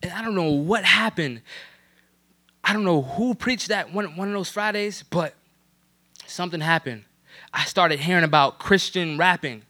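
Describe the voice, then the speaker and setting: A man's voice: sits high, moderate pace, long pauses, pushed and bright. A young man from New Jersey giving a personal church testimony in casual slang, with lots of "you know what I'm saying".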